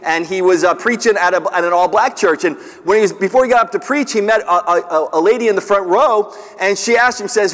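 A middle-aged man delivers a sermon in a fairly high voice. He tells stories, acts out the voices in them and restarts his sentences often. The sound rings with the long reverb of a large hall. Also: a bit bright. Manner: storytelling, acts out quoted voices, pauses and restarts. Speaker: pastor.

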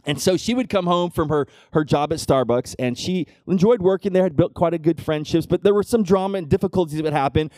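A middle-aged man preaching a sermon, conversational, often checking in with the congregation with "right?" and dropping to a hush for personal stories. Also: quick pace, few pauses, no room sound, clean studio sound. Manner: drops to a hushed low voice when telling personal moments. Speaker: pastor.

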